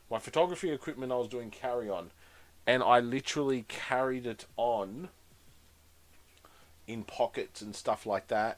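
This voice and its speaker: Man muttering through a build. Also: mid-range voice. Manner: chatty, muttering while concentrating. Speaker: live-stream host building a model. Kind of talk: casual live build chat.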